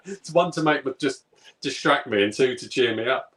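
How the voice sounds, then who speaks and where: A man's voice: medium pitch, expressive, moderate pace, fairly bright tone. A man chatting casually and easily with friends. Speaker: live stream co-host. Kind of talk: casual pub chat.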